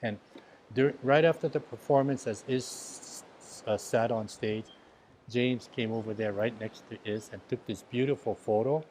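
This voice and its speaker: Older guy, lively storyteller, bit of background hiss. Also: unhurried. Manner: animated, acts out quotes with big pitch jumps. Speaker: interview guest, festival founder. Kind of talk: storytelling in casual interview.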